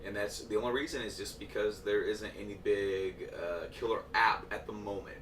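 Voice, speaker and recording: A man's voice: lowish voice, steady tone, normal speed, fairly bright tone. A man who is a guest on a podcast, chatting casually and upbeat about games. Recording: echoey room, distant mic, noisy.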